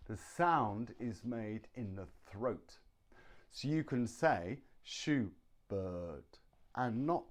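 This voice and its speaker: A man with a British accent teaching English pronunciation, speaking deliberately and repeating words to drill the sounds. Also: lowish voice. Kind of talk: pronunciation lesson.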